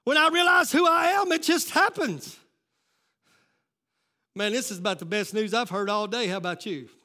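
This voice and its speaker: A man preaching a sermon as lead pastor, calling out to the congregation and shouting rising lines. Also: sits high, lively intonation, moderate pace.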